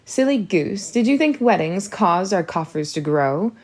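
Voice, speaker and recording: A woman's voice: on the low side, lively intonation, measured pace, darkish tone. A woman voicing an indulgent middle-aged father in a storybook reading. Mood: calm.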